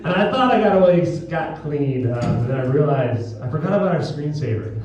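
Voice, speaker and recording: A young comedian delivers a crude stand-up set poking fun at himself in a small theatre, speaking a little fast in a slightly high, slightly mellow voice with lively intonation. The audience laughs throughout, and the clip, shot on a phone from far off in the crowd, is echoey with the highs cut off.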